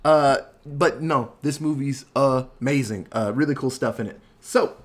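A man's voice: medium pitch, unhurried. A man co-hosting a casual movie podcast, laid-back and swearing freely as he recaps the film. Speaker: podcast co-host. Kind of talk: casual movie review chat.

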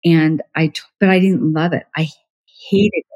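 A middle-aged woman telling her story as a guest in a casual interview, chatty and animated, acting out what others said with little laughs. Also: low voice, normal speed. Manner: chatty, animated, acts out quoted voices with laughs. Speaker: professional organizer, podcast guest.

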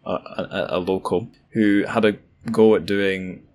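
Scottish man, very low voice, casual podcast chat, joking asides. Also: fairly even intonation, measured pace, darkish tone. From Scotland. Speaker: podcast co-host.

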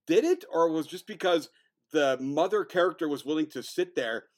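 A man co-hosting a casual film review chat, blunt and profane, breaking into loud bursts of mock outrage. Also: a little high, expressive, a little fast. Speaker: podcast co-host.

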